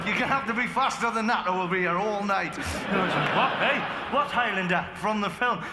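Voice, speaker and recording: A man doing stand-up crowd work on a theatre stage, rambling and excitable, chatting with the audience and breaking into sudden shouts. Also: high-pitched. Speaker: stand-up comedian. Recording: echoey live theatre recording with crowd noise.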